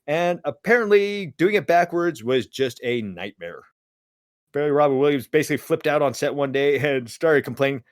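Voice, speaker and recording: A man's voice: a little high, moderate pace, dry recording, clean studio sound. A man co-hosting a casual podcast, telling a story and acting out the voices of the people he quotes. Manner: animated, acts out quoted voices. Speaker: podcast co-host.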